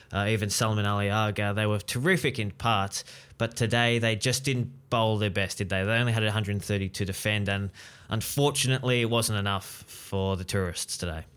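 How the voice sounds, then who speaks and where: A man hosting a sports podcast in a steady, measured presenter manner. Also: fairly low pitch, clean tone. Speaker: podcast host.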